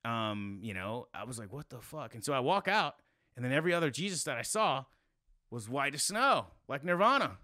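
A man in his thirties from South Carolina, a podcast guest telling a story in a casual, animated way, swearing freely. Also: fairly quick, dry recording, studio quality. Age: 30s. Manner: animated, swears a lot, rising to high exclaims.

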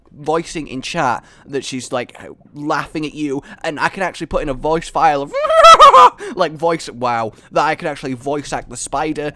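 A young man giving casual, rambling commentary while building in a game, excitable and thinking out loud. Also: on the high side. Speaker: gaming video creator. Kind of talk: casual let's-play commentary.

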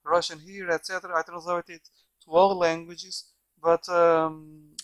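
A Portuguese software developer, a native Portuguese speaker, rambles through a casual software walkthrough, repeating words and restarting often. His slightly high voice keeps a level tone at an unhurried pace, captured on a bad microphone.

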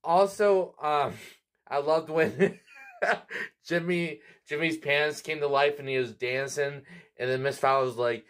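A man's voice: fairly high pitch, fairly even intonation, a bit bright. A man hosting a cartoon review channel, talking in a chatty, casual way with frequent laughs. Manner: chatty, laughs often, quick asides.

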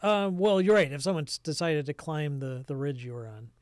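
A man narrating as game master, halting and searching for words. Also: a little high, animated, dry recording.

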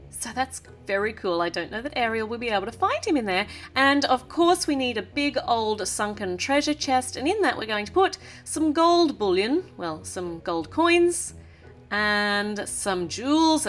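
Give me a chatty, cheerful woman narrating a toy build, with a bouncy voice that sits a little high. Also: fairly bright tone. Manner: chatty, cheerful, laughs often. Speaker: toy reviewer.

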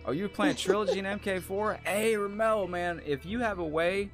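A man hosting a gaming livestream, chatting casually and excitably over gameplay and greeting viewers by name. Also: sits high, normal speed. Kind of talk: casual live-stream chat over gameplay. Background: game music.

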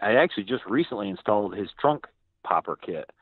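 A man's voice: on the low side, brisk, husky, no echo. Man talking over a tinny phone line. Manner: animated storyteller who acts out other people's lines. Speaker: podcast guest. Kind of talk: casual storytelling chat.

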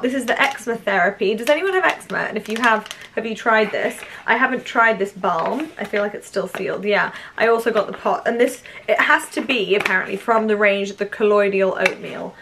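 On a low-quality recording with a little hiss or hum, a British beauty vlogger runs through a shopping haul in a mid-range, slightly bright voice. Her chat is gushing, casual, and thick with "like."

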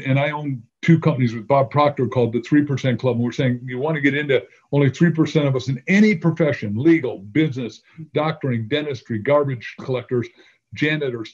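A man's voice: medium pitch, darkish tone. An older man, a guest author in an interview, talking emphatically in sweeping lists. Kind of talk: conversational interview. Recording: dull lo-fi audio.

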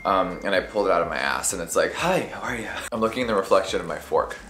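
A man's voice: sits low, rapid-fire, a bit bright, echoey room, a little hiss or hum. A man vlogging casually to camera as a beauty creator, sassy and giggly, swearing casually as he chats from a hotel room.

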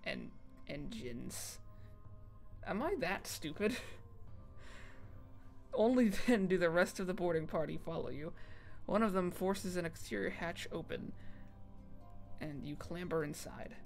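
Streamer voice, gravelly, reading game text aloud, trips over words, self-deprecating. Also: medium pitch, lively intonation, a little slow, soft background music.

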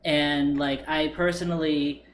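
Rambly co-host on a stream mic, lots of "like", middle pitch. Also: little pitch movement, measured pace, roomy sound, a little hiss or hum. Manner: rambling storyteller with many filler likes. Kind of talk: casual chat. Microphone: desk microphone.

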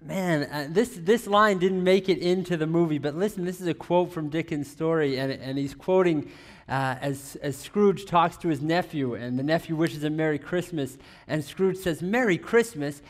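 Male pastor with a high-pitched voice, chatty preaching style with audience questions and teasing humor. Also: moderate pace. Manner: chatty, asks the audience questions, many restarts; playful, teasing asides. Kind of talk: conversational sermon.

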